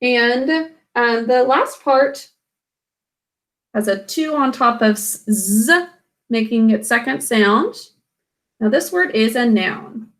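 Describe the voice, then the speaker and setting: Slow, patient woman teaching spelling. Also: fairly high pitch, animated, fairly bright tone. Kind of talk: recorded spelling lesson.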